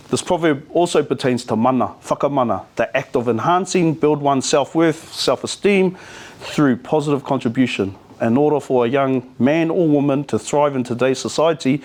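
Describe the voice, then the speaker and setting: Relaxed New Zealand man telling stories. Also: mid-range voice. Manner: relaxed, storytelling with te reo Māori words. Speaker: community speaker. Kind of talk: casual talk to an audience.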